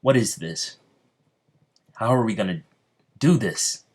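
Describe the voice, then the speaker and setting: Man voicing a frantic young male anime hero, low voice, exclaiming questions. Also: lively intonation, slow pace, darkish tone, breathy edge, exaggerated voice. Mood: alarmed.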